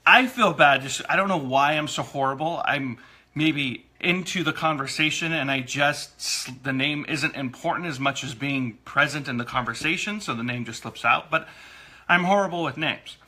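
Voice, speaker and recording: Bright, husky-voiced man in casual chat. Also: fairly high pitch, moderate pace. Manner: self-deprecating, laughs often. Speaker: co-host and producer.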